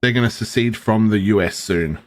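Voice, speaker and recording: A man's voice: fairly low pitch, moderate pace. A man co-hosting a podcast in casual chat, loose and jokey with lots of fillers. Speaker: podcast co-host.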